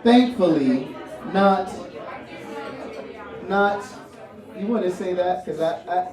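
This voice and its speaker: Playful guy hosting a poetry night, high voice, echoey room, loud crowd behind. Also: lively intonation, slow, far from the mic. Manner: playful, silly wordplay, hyping the crowd. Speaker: poetry show co-host. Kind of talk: live hosting and playful rhyming. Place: live bar venue.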